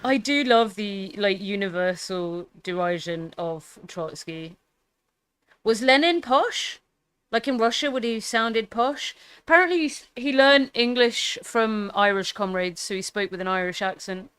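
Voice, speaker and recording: A woman's voice: mid-range voice, expressive, a little slow, fairly bright tone, clean tone, no echo. A woman casually commenting on a historical film, rambling with fillers and the odd swear word. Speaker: political commentary streamer.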